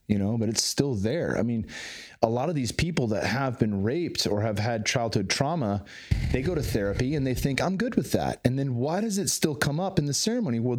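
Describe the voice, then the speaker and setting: A man in his thirties talking candidly as a podcast guest, swearing freely and getting animated. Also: medium pitch. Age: 30s. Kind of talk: casual interview conversation.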